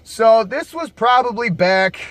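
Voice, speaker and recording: A man's voice: very high-pitched, animated, a little slow, dry recording. A man casually telling bar stories to camera as a bouncer, laid-back, profane and jokey.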